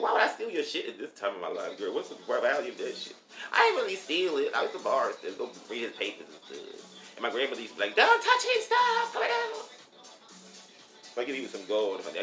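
Sassy, profane man with a lively voice. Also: fairly low pitch. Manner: sassy, profane, animated, calls listener honey and child. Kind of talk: casual storytelling. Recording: roomy echo with faint music.

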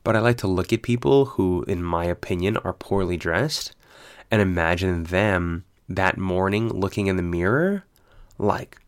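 A man with a slightly low voice chats on his own, telling stories with lively, foul-mouthed energy. He laughs often and leans hard into his punchlines. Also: measured pace, clean tone. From United States. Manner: animated, profane storytelling with frequent laughs. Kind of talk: casual solo chat.

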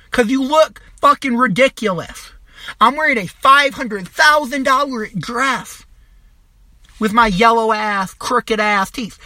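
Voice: medium pitch, bright, forceful tone, no echo. Profane young podcast ranter. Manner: crude, mocking, swears constantly, trails off and restarts. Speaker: podcast host. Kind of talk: profane comedic rant.

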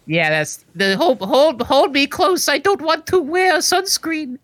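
A man putting on a whiny, high mock-Swedish accent as a sunburned Swede. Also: lively intonation, unhurried, fairly bright tone, dry recording, clean studio sound, heavily acted.

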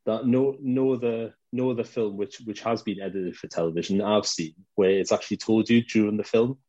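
Low, mellow man on a dull dry mic. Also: brisk, no room sound. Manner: rambling, relaxed storytelling. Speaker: podcast co-host. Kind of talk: casual chat.

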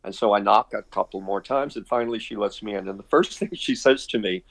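A man's voice: lowish voice, brisk, vocal fry, dry recording. An older man from Brooklyn, a guest on an interview show, telling long anecdotes in a rambling, chuckling way. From Brooklyn, New York. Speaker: guest, artist and director. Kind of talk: casual interview storytelling.

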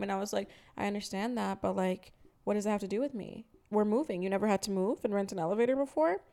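A woman in her twenties co-hosting a podcast, chatting casually and telling animated stories with acted-out quotes. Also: mid-range voice, fast. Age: 20s. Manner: animated storytelling, acts out quotes. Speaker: podcast co-host. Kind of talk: casual chat.

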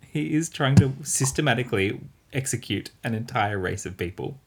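A man's voice: medium pitch, expressive, moderate pace, vocal fry, husky. Rambling man recapping a film. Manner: rambling, swears, acts out quotes. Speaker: podcast co-host. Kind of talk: casual film recap chat.

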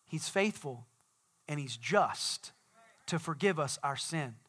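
A man preaching a sermon as pastor, swinging from quiet explanation to shouted declarations. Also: on the high side, expressive, normal speed. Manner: dynamic preaching, swelling to shouts.

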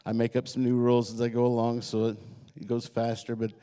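A man's voice: mid-range voice, monotone, fairly quick, dark tone, clear, resonant tone. A middle-aged man preaching a sermon as pastor in a church, joking and telling stories while acting out the voices he quotes.

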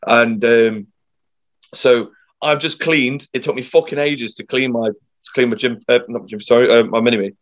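A young man tells a rough, sweary army story with energy, jumping into the voices of the people in it. His voice sits at an ordinary middle pitch. The recording is dull and lo-fi. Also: moderate pace, no room sound. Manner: sweary, animated storyteller acting out quotes. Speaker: podcast guest. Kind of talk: casual storytelling. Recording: dull lo-fi sound.

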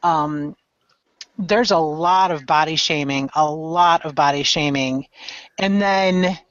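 A woman's voice: low-pitched, slow, no room sound. A woman on a podcast panel, talking through a film earnestly and repeating her points for emphasis. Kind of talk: casual movie discussion. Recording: muffled, dry podcast audio.

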